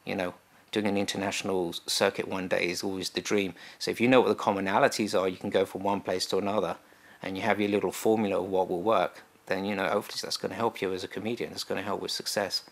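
A man's voice: sits low, flat delivery, quick pace. A man, a stand-up comedian, talking reflectively about comedy. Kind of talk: casual interview talk.

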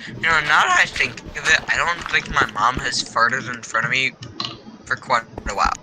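A man's voice: medium pitch, normal speed. A man chatting with friends during a game, making dry, mock-gloomy remarks. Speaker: fan guest. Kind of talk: casual gaming chat with friends. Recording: noisy gaming voice chat.

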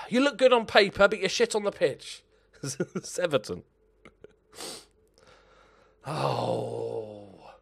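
A man's voice: on the high side, expressive, slow pace, vocal fry, pauses often, breathy edge. A young man playing a football management game, muttering to himself and swearing at his players as he comments. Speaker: gaming channel host.

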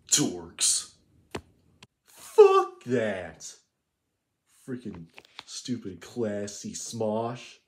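A man's voice: fairly low pitch, huge pitch swings, extremely slow, long pauses, exaggerated voice. A man playing a cocky, scornful teenage boy in a fan parody roast, mocking and name-calling. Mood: ranting.

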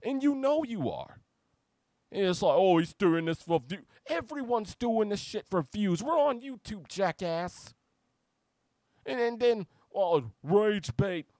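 A man's voice: high-pitched, very animated, takes it slowly, dry recording. A man delivering a heated, profane reaction rant as a YouTube commentator. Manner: heated, profane, shouty outbursts.

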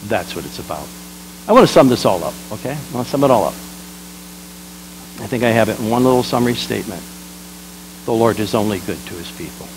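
Animated pastor preaching with big swings. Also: male voice, mid-range voice, a little hiss or hum, low-quality recording. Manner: dramatic swings between loud exclamations and quiet asides; leads the congregation in call-and-response. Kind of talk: sermon.

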